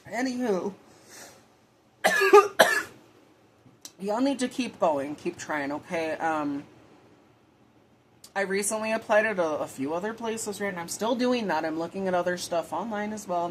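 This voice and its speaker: A woman's voice: lowish voice, a bit bright, slight background noise, poor audio. Chatty, profane woman tarot reader. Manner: chatty, profane, rambling with frequent fillers. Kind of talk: casual tarot reading vlog with prayer.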